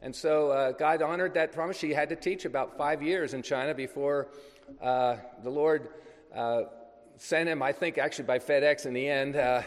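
A man's voice: fairly high pitch, big-room sound. A man speaking as a missionary in a church, telling a ministry story in a loose, anecdotal way to a congregation. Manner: conversational, anecdotal, loose with pauses.

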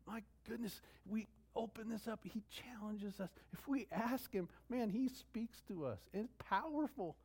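High-voiced man preaching emphatically. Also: a little slow, few pauses, slightly rough. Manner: emphatic preaching with wide swings between loud and hushed; repeats key phrases for emphasis. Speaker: pastor. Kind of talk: sermon.

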